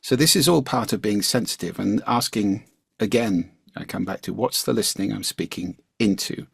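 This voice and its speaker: A man being interviewed as a communication coach, explaining his points in an articulate, measured way. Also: fairly low pitch, gravelly, slightly rough, no echo. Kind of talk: interview conversation.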